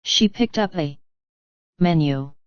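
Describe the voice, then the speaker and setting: A woman narrating an audiobook in a measured, even storytelling read. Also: fairly low pitch, clean tone, no room sound, highs cut off. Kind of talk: scripted narration.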